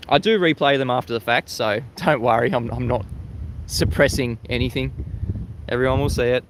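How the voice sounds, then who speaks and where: A man's voice: mid-range voice, moderate pace, noisy background. A man with an Australian accent hosting a casual livestream. He talks chattily to his viewers, laughs often, and repeats words as he restarts his sentences. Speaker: livestream host. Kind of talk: casual live-stream talk, reading chat. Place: outdoors facing the sea at sunrise.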